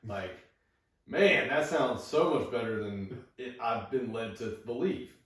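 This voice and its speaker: A man's voice: mid-range voice, expressive, measured pace, a bit bright. A man in his thirties, a podcast guest talking casually with many fillers and restarts. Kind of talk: casual conversation. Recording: echoey room, far from the mic.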